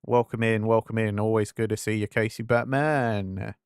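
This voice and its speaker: A young Englishman with a fading, London-leaning accent chats casually on a gaming stream, rambling, filling gaps with fillers and interrupting himself. His lowish voice is steady, clear and resonant at normal speed, captured in studio quality with no room sound.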